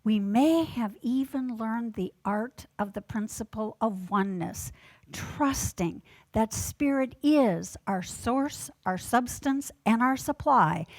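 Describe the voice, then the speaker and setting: Woman, minister, sermon, unhurried delivery, gently measured storytelling, dry close sound. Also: fairly high pitch, no echo.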